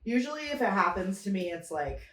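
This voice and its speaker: A woman's voice: medium pitch, brisk, echoey room, a little hiss or hum. A young woman co-hosting a podcast, telling stories in casual chat and laughing often. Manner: animated storyteller, laughs often. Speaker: podcast co-host.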